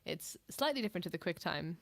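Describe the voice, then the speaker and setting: A woman's voice: fairly low pitch, expressive, fast talker, vocal fry, no echo. A British woman co-hosting a livestream, bubbly and giggly in casual chat over a video call. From Britain. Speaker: co-host.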